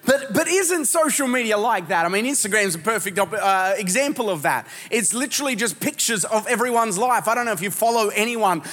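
A man preaching a live sermon as pastor, telling stories in an animated, joking way with many restarts. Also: sits high, fairly quick, hardly any pauses. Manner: animated, jokey storytelling with lots of restarts. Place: large church auditorium. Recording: long hall reverb.

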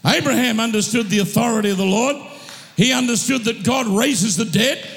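A male pastor preaching a sermon, impassioned, swinging from shouted declarations to slow, drawn-out teaching, in a church hall with a long echo. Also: extremely high pitch, vocal fry, soft background music. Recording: echoey hall reverb.

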